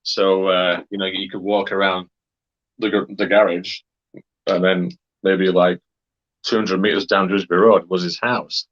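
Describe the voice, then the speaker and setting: A man's voice: low voice, level tone, unhurried, fairly bright tone, lo-fi sound. A man from Wakefield, England, telling a story in a casual, rambling way, with many fillers and hesitations. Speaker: interviewee.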